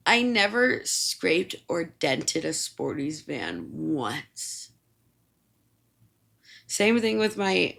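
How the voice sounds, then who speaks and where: A young woman podcast host swearing freely as she rambles through stories and laughs at herself. Her low voice has a gravelly edge and swings widely in pitch, and her casual talk is full of fillers. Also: fairly bright tone. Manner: rambling, profane, self-mocking, with frequent fillers. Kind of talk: casual storytelling monologue.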